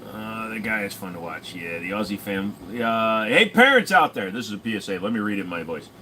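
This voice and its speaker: A man's voice: fairly low pitch, very animated, a little fast, few pauses, bright, forceful tone, a little hiss or hum. A young man casually answering chat on a stream, rambling and cracking profane jokes.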